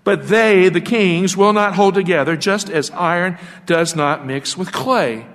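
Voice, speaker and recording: Teaching scripture in a sermon, this pastor breaks off at times to put rhetorical questions to the audience. He has a high voice for a man, fairly bright in tone, with a long reverb trailing behind him.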